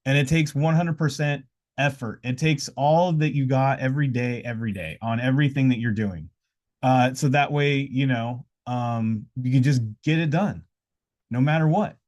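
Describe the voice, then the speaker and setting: A man's voice: medium pitch, moderate pace, a little mellow. Rambling, easygoing man hosting a podcast. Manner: rambling, loose, with frequent "uh" and restarts. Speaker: podcast host. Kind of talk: casual motivational podcast talk. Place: indoors during a live podcast, with noise around.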